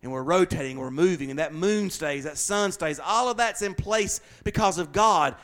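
A man with a Southern accent preaching a sermon in a folksy, joking way, swinging from loud emphatic bursts to quiet low asides. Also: normal speed.

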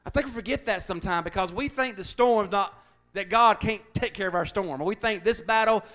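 Southern male preacher, high-pitched, folksy, emphatic bursts and soft asides. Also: brisk. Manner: folksy, joking asides with frequent laughter; swings from loud emphatic bursts to quiet, low asides. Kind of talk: sermon.

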